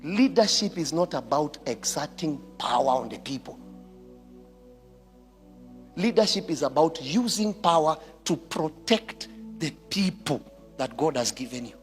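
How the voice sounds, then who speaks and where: Kenyan man preaching with big pitch swings. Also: expressive, a little slow, long reverb tail, faint music behind. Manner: preachy, rhetorical questions, mixes in Swahili. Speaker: preacher and commentator. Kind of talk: impassioned spoken commentary.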